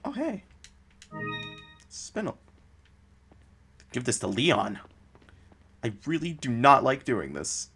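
A man giving casual, profane commentary while he plays, swearing often and blurting out quick reactions. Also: medium pitch, very animated, sharp tone, slightly rough, faint music behind. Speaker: gameplay streamer.

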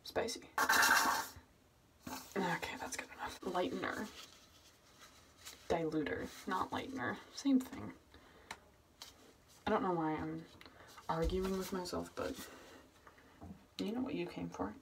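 Woman, lowish voice, rambling casual vlog, self-mocking mutters, noisy home recording. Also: unhurried, creaky, long pauses. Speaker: vlogger. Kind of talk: casual chat. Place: at home, indoors.

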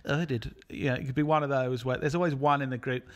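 A man's voice: mid-range voice, steady tone, quick pace. Rambling, anecdotal male podcast co-host. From England. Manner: rambling storyteller, mimics people in quotes. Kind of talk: casual chat.

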